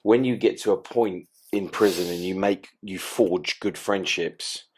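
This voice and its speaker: Male podcast host, very low voice, measured, reflective. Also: a little mellow, a little hiss or hum. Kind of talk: interview questions.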